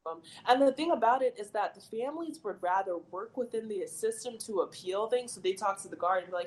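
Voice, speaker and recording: A woman's voice: medium pitch, fairly quick, few pauses, poor audio. A young adult woman on a casual podcast, telling a story with lots of "like" and acting out the people in it. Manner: animated, lots of "like", acts out quoted voices.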